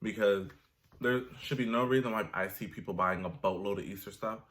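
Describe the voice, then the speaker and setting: A man's voice: lowish voice, brisk, a bit bright. A young man ranting animatedly about his retail job, sassy and profane. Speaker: vlogger. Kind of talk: comedic rant.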